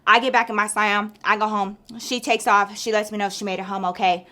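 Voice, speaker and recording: A woman vlogger telling a casual story-time tale to her viewers, animated, chatty and freely swearing. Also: mid-range voice, a little fast, few pauses. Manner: animated, chatty, profane, addresses viewers as bestie.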